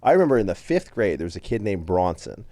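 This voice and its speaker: Relaxed man, dry close sound. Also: on the low side, quick pace, no room sound. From eastern Canada. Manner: relaxed, laughs often. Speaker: podcast host. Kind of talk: casual chat.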